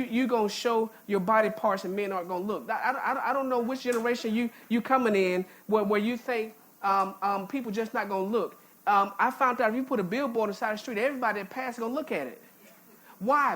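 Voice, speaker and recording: A woman pastor preaching a sermon in a church, folksy and emphatic, often repeating words as she restarts. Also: on the high side. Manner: folksy, informal speech with jokes. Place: church sanctuary.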